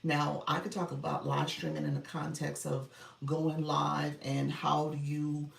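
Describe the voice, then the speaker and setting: Unhurried and level in tone, a woman with a low, gravelly voice chats casually on a livestream where she coaches, greeting viewers by name and often laughing. She's recorded from afar in an echoey room, a little off mic.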